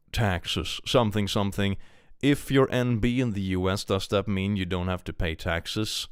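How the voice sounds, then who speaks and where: A Swedish-accented man chats on a livestream and reads out viewer messages in a jokey, animated way, swearing freely. His voice is fairly low, and the sound is dry and close with no room echo. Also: a little slow, clear, resonant tone. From Sweden. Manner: animated and jokey, swears freely, swings between mock-gloomy and excited. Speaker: streamer. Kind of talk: casual livestream chat, reading viewer messages.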